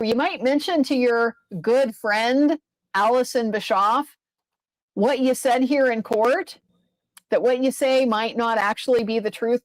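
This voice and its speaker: A woman's voice: on the high side, dry recording, rough recording. A woman lawyer giving casual, profane, exasperated commentary on a court case, rambling at times.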